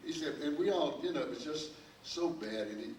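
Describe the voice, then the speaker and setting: An older man, a record producer appearing as a panel guest, tells a long, rambling anecdote full of restarts, chuckling as he goes. His voice is fairly high and darkish, with lively intonation and a brisk pace. It's captured on a distant mic in an echoey hall with faint ambience and a little hiss or hum.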